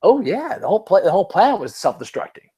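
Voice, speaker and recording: A man's voice: high voice, sing-song, quick pace, mellow, slightly rough. Rambling, self-mocking podcast man. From Cleveland. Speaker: podcast host. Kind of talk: casual podcast chat.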